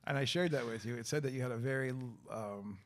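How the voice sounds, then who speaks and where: A man hosts a podcast and chats casually with his guest. He teases in a relaxed way and keeps the talk light. His pitch sits in the middle for a man. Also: quick pace. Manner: playful, teasing, relaxed. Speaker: podcast host. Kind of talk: casual interview chat.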